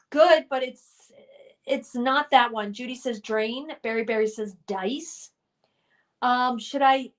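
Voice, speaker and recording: Woman streamer, host, high voice, leisurely pace, casual upbeat comment-reading. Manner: reads viewer comments aloud, chatty and upbeat. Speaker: livestream host.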